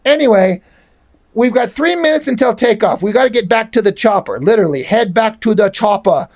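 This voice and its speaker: A man's voice: high-pitched, animated, brisk. Man hosting a casual comic review, rambling and profane, with strong opinions on the art.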